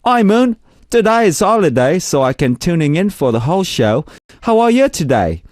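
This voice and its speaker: A cheerful fan letter comes alive in a put-on Australian accent, as a man reads it aloud. The voice sits high and bouncy, loud and playful. It sounds dry and close. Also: very animated, normal speed, no echo. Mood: chirpy.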